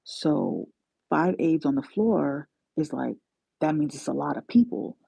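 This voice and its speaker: Gravelly-voiced New woman chatting. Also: low voice, sing-song, a little slow, mellow, no room sound. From New York. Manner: chatty, slangy, self-mocking, laughs often. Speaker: travel nursing aide, livestream host. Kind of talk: casual livestream chat. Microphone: phone. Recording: dull lo-fi phone audio.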